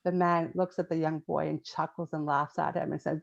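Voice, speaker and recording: A woman's voice: sits low, level tone, brisk, gravelly. A woman guest, a children's book author, talking casually in an interview with many fillers and frequent laughs. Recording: dull lo-fi sound.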